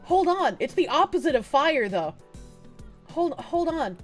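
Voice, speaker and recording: A young woman streamer with a stuffy nose, chatting casually and softly with her chat, giggling and swearing freely. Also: sits high, sing-song, unhurried, faint music behind. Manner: soft-spoken, not loud, giggly, swears casually. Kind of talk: casual live-stream chat, reading chat messages aloud.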